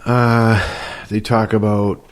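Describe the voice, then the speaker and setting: A man from Massachusetts with a very low voice talks through the show at an easy pace. He co-hosts in a relaxed way and pauses now and then with fillers. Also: clean tone. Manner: relaxed, conversational, with hesitations. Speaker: co-host. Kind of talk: casual podcast chat.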